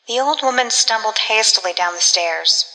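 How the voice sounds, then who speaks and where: Bright-voiced woman reading a gothic tale. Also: on the high side, expressive, normal speed, big-room sound, rough recording. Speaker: audiobook narrator. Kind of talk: scripted narration of a gothic story.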